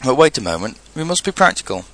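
A man's voice: mid-range voice, sing-song, fast talker, fairly bright tone, pitched above the performer's own voice. A man voicing an earnest, anxious little bear in a storybook reading, musing and solemn.

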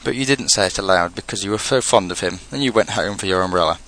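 A man reading a children's storybook aloud, narrating in an unhurried way with quiet asides. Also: sits low, low-quality recording.

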